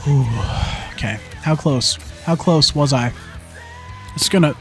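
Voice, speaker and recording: A young man streaming a zombie shooter, commentating as he plays, often frustrated and swearing, going from mumbled asides to loud outbursts. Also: on the high side, a little slow, soft background music. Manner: frustrated, swearing, talking to the game; flips between mumbled asides and yelled outbursts. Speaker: gaming streamer. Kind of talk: live gameplay commentary.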